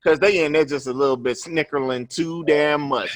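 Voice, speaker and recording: A man's voice: on the high side, expressive, fast talker, few pauses, a bit bright. A man in his thirties, a podcast host, telling a personal story in loose, profane chat and tagging his lines with "you know what I'm saying".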